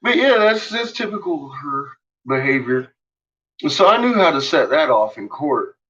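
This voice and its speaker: A man's voice: a little high, big pitch swings, unhurried, sharp tone, husky. A man telling a story in a casual, profane way, swearing freely and trailing off with fillers. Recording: dull lo-fi recording.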